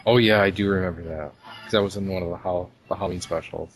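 A man co-hosting a podcast, explaining things in a relaxed, casual way. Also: low voice, quick pace, faint music behind. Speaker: podcast co-host. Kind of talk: casual chat.

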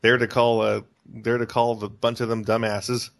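A man co-hosting a casual podcast chat, excitable, laughing often and restarting his sentences. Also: medium pitch, normal speed, vocal fry. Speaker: podcast co-host. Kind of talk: casual podcast chat about an animated movie.

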